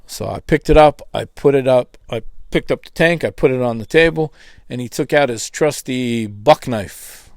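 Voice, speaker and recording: Speaking at a moderate pace with vocal fry and no room sound, a man recounts his personal testimony conversationally. Quoted lines get acted out with pitch jumps as he tells the story.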